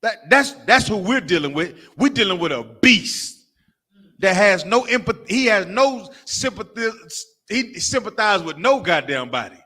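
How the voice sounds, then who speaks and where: Forceful, fiery preaching man. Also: high voice, normal speed. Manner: profane, rhetorical questions, call-and-response; animated, mimics crying and barking for laughs. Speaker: preacher of a religious camp. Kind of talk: fiery street-style sermon.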